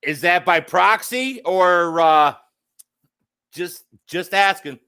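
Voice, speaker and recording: A man's voice: sits high, slow, sharp tone, clear, resonant tone. Rambling, jokey man hosting a livestream. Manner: rambling, jokey, reads out viewer comments. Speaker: livestream host. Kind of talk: casual livestream chat.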